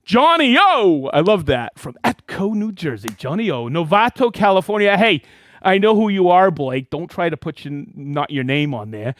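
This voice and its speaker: A man hosting a live stream in a casual, excited way, calling out viewers by name and hometown. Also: sits high, normal speed, no room sound, studio quality. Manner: excited, animated, reading viewer shout-outs. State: worked up and dusty after a demo. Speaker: host of a live product show.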